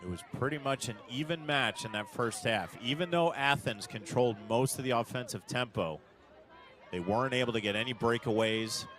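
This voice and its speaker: A man doing live play-by-play commentary of a soccer match, calling the action at a steady pace and rising sharply when a big chance comes. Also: fairly low pitch, a little hiss or hum.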